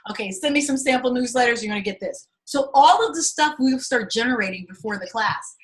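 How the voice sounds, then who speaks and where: A middle-aged woman coaching a class, talking candidly and with lots of swearing as she tells lively stories and pitches her course. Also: brisk, slight background noise, low-quality recording. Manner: candid and profane, animated storytelling. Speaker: acting and fundraising coach. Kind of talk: casual teaching pitch.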